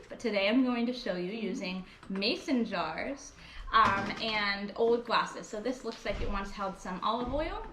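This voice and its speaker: A young woman teaching a music lesson to small children in a cheerful, slow and clear way, at home in her kitchen. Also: medium pitch, pushed and bright. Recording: echoey kitchen with clear background noise.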